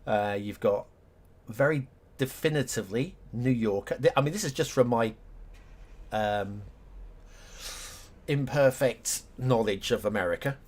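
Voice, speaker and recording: A man's voice: mid-range voice, unhurried, long pauses, darkish tone. A middle-aged man chatting casually on a live stream, rambling and self-mocking as he laughs at his own jokes.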